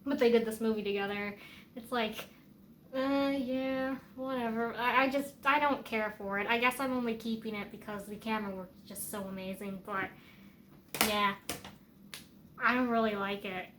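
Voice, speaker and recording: A woman's voice: a little high, fairly even intonation, moderate pace, a bit bright, a little hiss or hum. A woman giving casual, rambling film commentary as a vlogger, chatty and opinionated, with many fillers and restarts.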